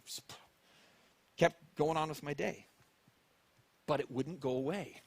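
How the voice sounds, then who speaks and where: A man's voice: fairly high pitch, expressive, normal speed, a bit bright, dry recording. Storytelling male pastor, dry close sound. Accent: Canadian English. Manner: acts out his own thoughts and quotes with shifting voices. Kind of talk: sermon with personal story.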